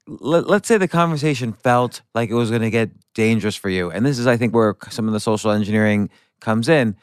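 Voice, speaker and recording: Curious male interviewer, low clear voice. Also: fairly quick, dry recording, studio quality. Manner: curious, searching for words, restarts. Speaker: interviewer, host. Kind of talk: conversational interview questions.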